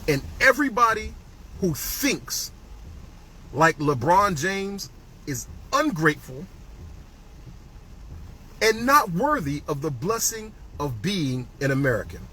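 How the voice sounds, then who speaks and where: A man hosting a heated talk from his car, ranting and swinging between loud jabs and muttered asides. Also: fairly high pitch, very animated, takes it slowly, long pauses, low-quality recording. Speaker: executive director hosting a ride-along talk. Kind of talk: heated monologue recorded while driving. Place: inside a car. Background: faint vehicle noise.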